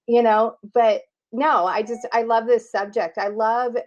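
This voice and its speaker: A woman in her fifties hosting a casual spiritual talk show, playful and animated, with many "you know"s. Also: fairly high pitch, a little slow. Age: 50s. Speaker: host. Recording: dull lo-fi audio.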